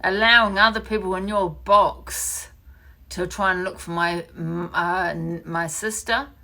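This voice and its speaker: A woman's voice: lowish voice, steady tone, measured pace, bright, forceful tone. A woman ranting angrily on a live stream, swearing and repeating accusations. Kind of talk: heated live-stream rant.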